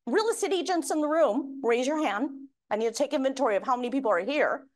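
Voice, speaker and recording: A woman with a fairly high voice delivers a conference keynote full of energy. She addresses the crowd directly, asks for a show of hands, and slips into quick quoted voices with big swings in pitch. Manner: energetic, talks to the audience and asks for raised hands. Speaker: keynote speaker. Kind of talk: lively conference presentation. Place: conference room with an audience.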